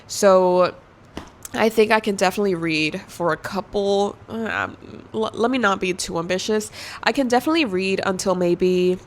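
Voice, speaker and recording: A woman's voice: medium pitch, moderate pace, slight background noise. A woman in her twenties chatting in a casual vlog, emotional and tearful, gushing with many fillers and slipping into Spanish exclamations, recorded at home at night. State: tearful and overwhelmed. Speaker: book vlogger.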